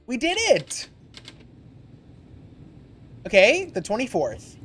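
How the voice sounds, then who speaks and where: A young man hosting a gaming channel, chatting and swearing freely through a casual let's-play with sudden excited yelps. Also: high voice, normal speed, soft background music.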